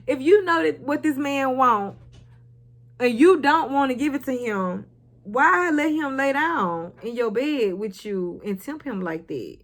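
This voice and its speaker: A young recap vlogger with a high, lively voice goes over a TV episode a little slowly. She's casual, sassy and blunt, swearing and talking back to the characters.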